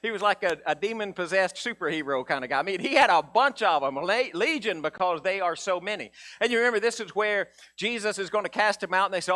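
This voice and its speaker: A man's voice: sits high, fast talker. A male pastor preaching a folksy sermon, acting out the characters' voices. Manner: folksy, animated, acts out voices of Bible characters.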